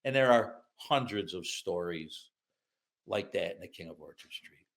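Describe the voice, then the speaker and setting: Older male author, low gravelly voice, lively storyteller, acts out the voices in his tales. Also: normal speed. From upstate New York, USA. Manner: lively anecdotes, acts out quoted voices, laughs through punchlines. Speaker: author and guest. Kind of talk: storytelling in a podcast interview.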